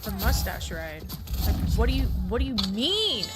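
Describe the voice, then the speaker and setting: A woman streaming a game, chatting casually, excitable and swearing a lot. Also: a little high, normal speed, loud music behind the voice. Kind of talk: casual gaming chat.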